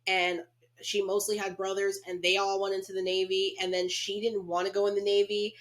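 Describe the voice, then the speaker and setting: A woman's voice: mid-range voice, a little fast. A woman co-hosting a horror movie podcast, chatting casually about a film and often acting out what the characters say. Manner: animated, acts out quoted characters. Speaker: podcast co-host. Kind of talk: casual movie review chat.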